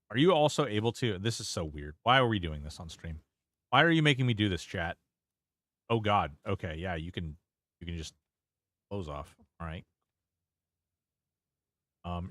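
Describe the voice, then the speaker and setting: A man's voice: lowish voice, very animated, normal speed, long pauses, a bit bright, dry recording. A man streaming a game and chatting casually, rambling and reacting as he plays, swearing freely into a close desk mic. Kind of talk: casual live-stream gameplay commentary.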